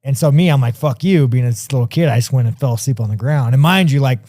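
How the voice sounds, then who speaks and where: A man's voice: medium pitch, fast, mellow, no echo, studio quality. A man in his thirties telling stories in casual, rambling, heavily profane talk as a podcast guest. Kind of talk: casual chat.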